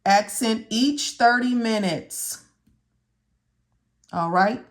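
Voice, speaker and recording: A woman whose voice is fairly high talks extremely slowly while teaching medical coding in stages. She repeats the main words and asks herself questions, then answers them, in this tutorial walkthrough.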